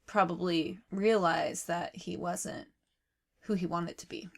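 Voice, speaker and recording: A woman's voice: fairly low pitch, slow, vocal fry. Enthusiastic woman chatting about a film. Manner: enthusiastic, animated. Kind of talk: casual movie review chat.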